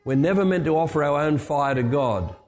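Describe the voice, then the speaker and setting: A man's voice: on the high side, fairly quick, a little mellow. An older man preaching a storytelling sermon, chatty, with asides and restarts. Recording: long hall reverb.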